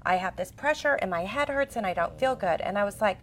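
A woman in her forties, co-hosting a casual chat as an expressive, chatty storyteller. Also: medium pitch, fast talker, hardly any pauses, a little hiss or hum. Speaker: co-host.

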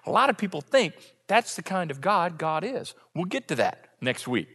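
A man preaching a sermon as pastor, telling a story with lively, acted-out quotes. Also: high voice, moderate pace, slightly rough, long reverb tail. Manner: animated storytelling, acts out quotes. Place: church sanctuary.

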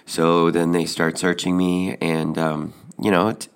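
A man telling a personal anecdote in a deadpan, hesitant way, with frequent fillers. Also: sits low, a little slow, smooth. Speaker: storyteller.

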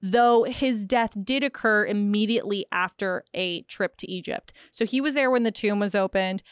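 A woman's voice: mid-range voice, normal speed, clear, resonant tone, dry recording. A woman co-hosting a casual podcast, telling eerie history with dry asides. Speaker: podcast co-host. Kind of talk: casual storytelling chat.

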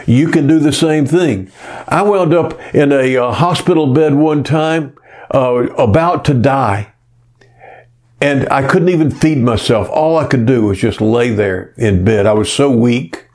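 A male pastor preaching a sermon, telling stories earnestly and often pausing on "uh". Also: mid-range voice, a little mellow. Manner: earnest storytelling, frequent "uh" pauses.

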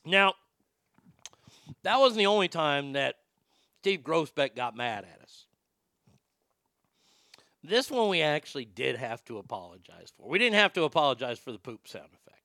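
A man telling stories in a casual livestream as a former radio host, animated, swearing freely and reading out viewer comments. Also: fairly high pitch, moderate pace, long pauses, no echo, clean studio sound.

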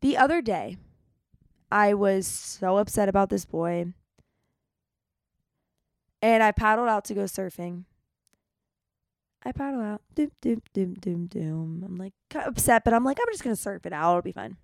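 A young woman hosting a podcast, telling stories in an animated, chatty way, with dramatic retellings. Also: medium pitch, normal speed, gravelly, long pauses, no echo. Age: young adult. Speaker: podcast host. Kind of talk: casual storytelling monologue.

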